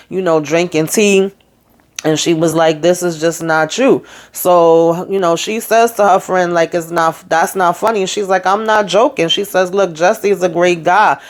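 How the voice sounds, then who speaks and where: A woman hosting a casual TV episode recap, retelling scenes in a sassy, chatty way with asides to her viewers. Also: on the low side. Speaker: TV recap host.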